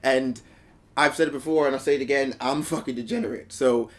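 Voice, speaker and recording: A man's voice: mid-range voice, fairly quick. A young man co-hosting a podcast, explaining at length with fillers and casual swearing. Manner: rambling explainer with many fillers and restarts, casually profane. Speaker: podcast co-host. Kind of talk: casual chat.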